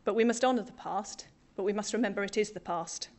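A woman's voice: mid-range voice, fast, a little mellow. A middle-aged woman from Britain preaching a sermon to a congregation, conversational and self-deprecating with humour.

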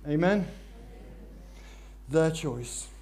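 A male preacher delivers a sermon with a voice sitting a little high for a man. He is animated, surging into loud, excited stretches and then dropping to hushed intensity. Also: extremely slow, a little hiss or hum.

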